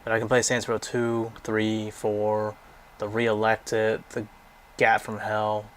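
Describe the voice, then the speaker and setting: A man's voice: lowish voice, monotone, slow. A young man casually rambling through a game library, giving blunt, profane opinions and going off on tangents. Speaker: gaming vlogger.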